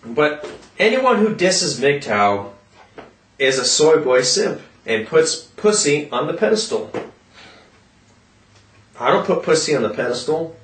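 A man ranting loudly in a vlog, cursing constantly and yelling as he talks, in a roomy echo from a distant mic. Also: fairly high pitch, very animated, slow, long pauses, slight background noise. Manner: profane, loud, yelling rant. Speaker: vlogger.

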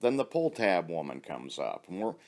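A man's voice: low voice, sing-song, moderate pace, darkish tone. A man casually telling rambling, profane stories about his friends, laughing at his own jokes. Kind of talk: casual storytelling.

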